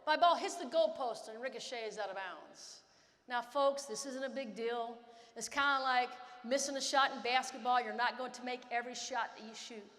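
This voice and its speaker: High-voiced woman speaker in a hall. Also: normal speed, fairly bright tone. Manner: dramatic, acts out scenes and voices. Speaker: keynote speaker. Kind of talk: motivational storytelling speech. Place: large conference hall. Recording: long hall reverb.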